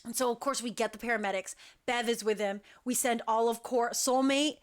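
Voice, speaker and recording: A woman who directs a dance crew, telling an animated, chatty story full of "like" fillers. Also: a little high, fairly quick. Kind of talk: casual storytelling.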